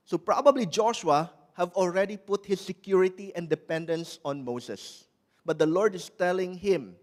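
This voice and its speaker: A man preaching a sermon in an earnest way, slowing down to press on quoted scripture and now and then restarting a word. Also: high voice. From Malaysia. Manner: repeats and restarts words. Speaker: pastor.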